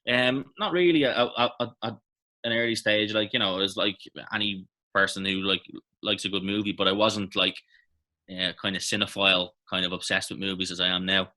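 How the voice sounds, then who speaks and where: Bright-voiced Irish man, low and reflective. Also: fairly even intonation, brisk. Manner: rambling, reflective, frequent fillers and restarts. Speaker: actor guest. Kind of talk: casual interview chat.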